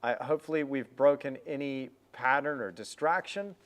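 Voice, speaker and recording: A middle-aged man teaching painting on a livestream, talking in an energetic, rambling way with many restarts. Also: medium pitch, moderate pace. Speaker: art teacher hosting a livestream. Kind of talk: casual livestream chat while painting.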